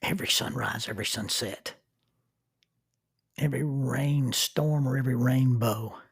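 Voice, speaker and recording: A man in his sixties, a minister, hosting a reflective podcast in an earnest manner, dropping to soft near-whispers for emphasis. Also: medium pitch, measured pace, creaky, breathy edge, no echo, clean studio sound.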